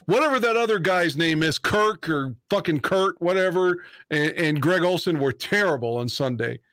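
Indignant, sharp-tongued male podcast host. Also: a little high, animated, moderate pace, no echo. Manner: indignant, profane ranting. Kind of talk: casual podcast chat.

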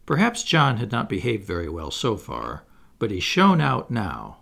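Gravelly, expressive male storybook narrator. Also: fairly low pitch. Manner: measured, expressive reading. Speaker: audiobook narrator.

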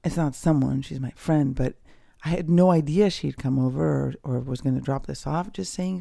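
Gravelly, candid podcast host. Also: mid-range voice, mellow, dry recording, studio quality. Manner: candid, casual, swears freely; slow, pausing delivery with fillers. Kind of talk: reflective personal talk.

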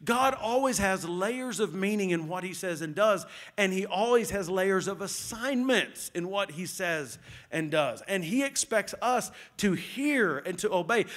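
A man, a pastor preaching a sermon who tells stories and acts out the quotes loudly. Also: animated, unhurried. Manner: storytelling, acts out quotes with rising pitch and loudness.

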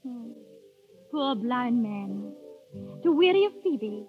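A flighty, theatrical young schoolmistress gushes in a high voice full of sighs and exclamations. The old radio broadcast sounds thin and tinny, with faint music underneath. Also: female voice, animated, slow. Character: schoolmistress posing as a coquettish young niece. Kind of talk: 1930s radio drama acting.

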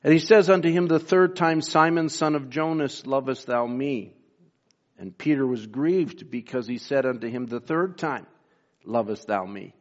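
A man preaching a sermon, pausing often with fillers and reading scripture in old-style wording. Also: mid-range voice, highs cut off. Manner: slow, halting delivery with many fillers, reads scripture in King James wording. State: briefly emotional. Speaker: pastor.

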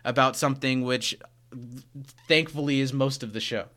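A young man co-hosting a podcast casually recaps a TV episode, retelling scenes by acting out their lines and laughing often. His voice is medium-pitched with a sharp tone at normal speed.

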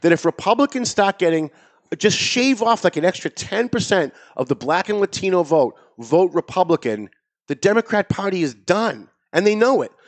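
A man's voice: high voice, expressive, normal speed. A man hosting a political talk show, speaking in a sarcastic, mocking tone. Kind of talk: political commentary chat.

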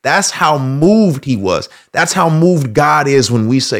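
A man hosting casual faith commentary, telling stories in an animated way and slipping into acted voices. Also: on the high side, measured pace, hardly any pauses. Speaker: host.

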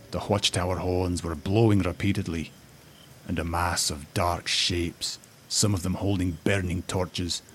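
Male storyteller with a very low voice, measured fantasy narration. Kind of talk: audiobook-style fantasy story reading.

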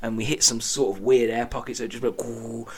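A man's voice: medium pitch, steady tone, fairly quick, darkish tone, breathy edge. A man in his late twenties from England, co-hosting a casual chat and telling stories animatedly, acting out quotes with laughs. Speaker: podcast co-host.

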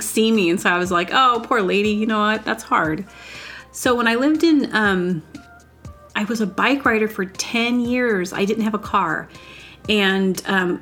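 A woman's voice: medium pitch, a bit bright. A woman telling a rambling personal story in a casual solo vlog, upbeat and giggly, with lots of "like" fillers. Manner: rambling, chatty, full of "like" fillers.

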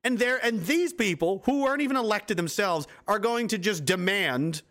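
Man in his twenties, streamer, heated and sarcastic, swears a lot, fairly high voice. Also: expressive, moderate pace, a bit bright. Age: 20s. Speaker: livestream host. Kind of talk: angry political rant on a livestream.

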